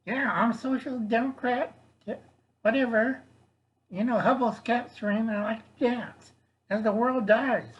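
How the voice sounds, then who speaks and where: A man's voice: extremely high pitch, measured pace, a bit bright, lo-fi sound, voice pushed up. A man voicing his small, teasing puppet sidekick in a wisecracking, raised voice.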